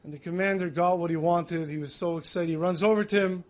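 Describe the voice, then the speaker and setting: High-voiced man preaching dramatically. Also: fairly even intonation, a little fast. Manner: vivid, acts out quoted voices. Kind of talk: dramatic sermon storytelling.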